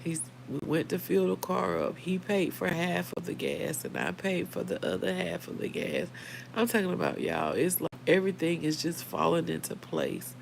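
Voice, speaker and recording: A woman's voice: on the low side, big pitch swings, moderate pace, vocal fry, a little hiss or hum, poor audio. A middle-aged woman, hosting a casual livestream, heartfelt and emotional, talking straight to her viewers by name. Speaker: livestream host.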